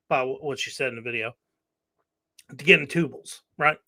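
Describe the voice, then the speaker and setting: A man's voice: mid-range voice, brisk, sharp tone. A man hosting a casual chat, laughing often and hesitating with fillers as he explains.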